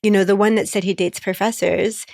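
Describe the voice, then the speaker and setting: A woman co-hosting a podcast, telling a story in an animated way, acting out the dialogue and laughing often. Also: medium pitch, a little fast, vocal fry, no echo, studio quality. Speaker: podcast co-host. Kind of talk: casual chat, storytelling.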